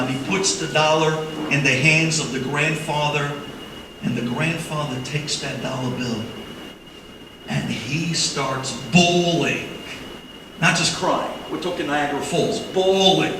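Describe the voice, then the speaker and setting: A man speaking as a rabbi at a community dinner, telling a moving story in an animated, emotional way. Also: on the high side, measured pace. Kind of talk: sermon-like storytelling. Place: large event hall. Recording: echoey hall, from far off, background noise.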